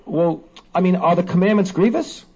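A man hosting a casual religious discussion, emphatic, slowing down to quote scripture. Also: sits high, darkish tone, breathy edge. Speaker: host of a Bible discussion. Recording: dull lo-fi recording.

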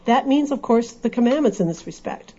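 Female co-host, earnest, warm and mellow, dull lo-fi sound. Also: a little high, lively intonation, fairly quick, slightly rough. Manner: earnest, explanatory. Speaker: co-host in a Bible discussion. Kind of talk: casual religious discussion. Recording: dull lo-fi recording.

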